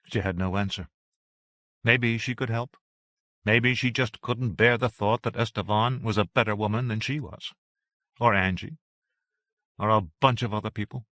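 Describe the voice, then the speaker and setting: An audiobook narrator, a man with a lowish voice, gives a measured, expressive reading of a novel in scripted narration. The sound is clean studio audio with no echo.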